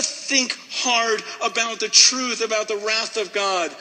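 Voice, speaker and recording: A pastor preaches in an impassioned, emotional way, stumbling over repeated words as he pushes on. His voice is very high and sharply bright. It rings out in a big hall with a long reverb. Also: slow, few pauses. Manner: impassioned, emotional, stammering restarts. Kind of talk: sermon storytelling.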